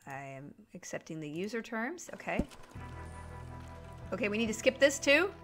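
A woman's voice: medium pitch, very animated, normal speed, over music. A woman live-streaming a video game from home, chatting with viewers and reacting to the game crashing. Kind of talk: casual live-stream chat while gaming.

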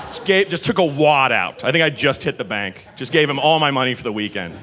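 A man's voice: medium pitch, animated, brisk, pushed and bright. A man performing a stand-up comedy set on stage, telling a rambling story with lots of asides. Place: live comedy venue on stage.

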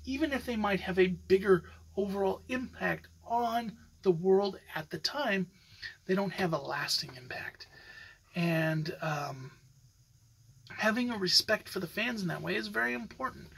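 A podcast host delivers casual, opinionated solo commentary in a medium-pitched, creaky voice at a measured pace, on a rough recording. He rambles, using lots of fillers and restarting his sentences often.

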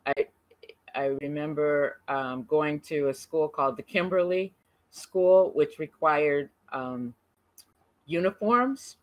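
A woman's voice: deep voice, slow pace, poor audio. A woman in her sixties, from the United States, animatedly telling her brother about her school memories. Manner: lively, animated storytelling with laughs and restarts. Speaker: interviewee. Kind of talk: recorded conversation between siblings.

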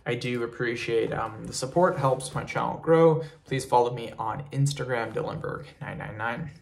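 A man hosting his own vlog, giving casual tips in a relaxed, rambling way and often calling viewers "you guys". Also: medium pitch, moderate pace, vocal fry. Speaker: fitness YouTuber. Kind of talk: casual talking-head tips video.

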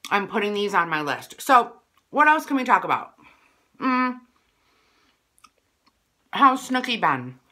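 A woman's voice: mid-range voice, sing-song, slow, pauses often, bright, forceful tone. A woman from Wisconsin chatting casually to her viewers while eating lunch, rambling between bites. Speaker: vlogger. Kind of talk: casual mukbang vlog chat.

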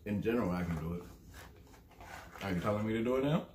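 A man's voice: on the low side, fast, darkish tone, roomy sound, a little hiss or hum. A man chatting as a guest, laid-back and joking, laughing a lot. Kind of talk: casual chat.

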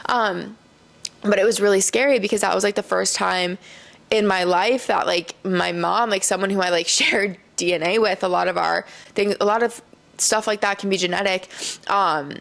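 A woman's voice: medium pitch, fairly even intonation, moderate pace, gravelly, fairly bright tone. A young woman from Iowa hosting a casual solo podcast, talking candidly with lots of "like" and "um", and laughing often. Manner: chatty, candid, full of fillers, laughs often. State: tearful, choked up. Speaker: podcast host.

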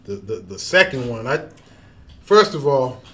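A man telling a story in casual podcast chat, animated and slangy, with a lot of swearing. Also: medium pitch, unhurried. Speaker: podcast guest.

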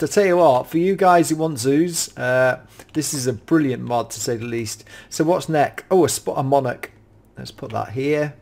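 A British man giving casual, excitable gameplay commentary as a YouTube reviewer, often gasping and exclaiming in wonder. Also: on the high side. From United Kingdom.

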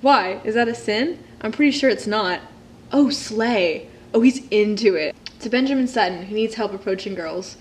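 A young woman talking straight to her viewers in a loose, giggly way, full of little laughs and asides that poke fun at herself. Her pitch sits right in the middle for a woman, and a faint hiss of background noise runs under her voice. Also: moderate pace. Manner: giggly and chatty, self-mocking asides; drops to a hushed whisper at times. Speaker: vlogger. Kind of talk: casual vlog chat while playing a story game.

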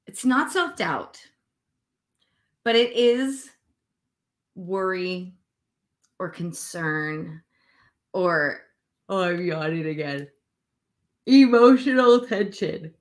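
A woman giving intuitive readings on a livestream, talking in a dreamy, drawn-out way and yawning often. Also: fairly low pitch, expressive. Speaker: intuitive reader.

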